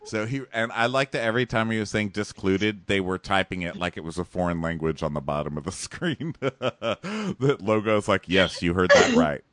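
A man with a low-pitched voice chats through a recap in a campy, mocking way, slipping into silly impressions. The sound is close and dry, with no room around it. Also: lively intonation, normal speed, fairly bright tone, dry recording. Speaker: podcast co-host. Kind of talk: casual recap chat.

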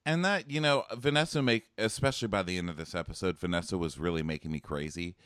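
A man's voice: low-pitched, quick pace, fairly bright tone, dry recording, clean studio sound. A man co-hosting a casual chat, sarcastic and joking. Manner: sarcastic, jokey, lots of acted quotes. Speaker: podcast co-host.

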